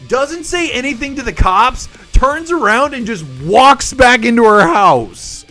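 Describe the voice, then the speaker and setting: With a very high-pitched voice and a measured pace, a young man hosting a live stream tells an animated story in casual chat with viewers, doing the voices of its characters. Soft background music accompanies him.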